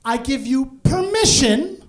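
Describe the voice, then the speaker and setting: A man voicing a flustered, bossy female HR manager who scolds in a shrill tone. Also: animated, takes it slowly. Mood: exasperated.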